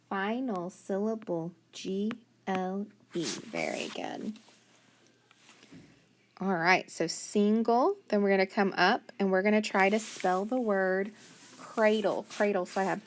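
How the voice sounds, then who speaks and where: Woman teacher, unhurried phonics lesson delivery, mid-pitched, encouraging. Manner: sounds out letters slowly and praises often.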